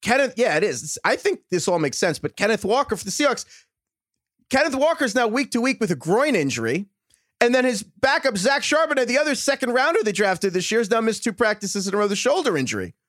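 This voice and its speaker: A man's voice: high-pitched, no echo, studio quality. A man with a New York accent, hosting a casual sports podcast and joking through running back rankings. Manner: fast, animated, joking. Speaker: podcast host.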